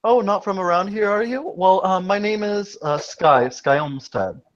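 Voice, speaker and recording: A man's voice: high-pitched, measured pace, pitched above the performer's own voice. A friendly, smiling young man, as a player acts him out, speaking hesitantly and politely. The sound is dull and lo-fi, like a cheap voice chat mic.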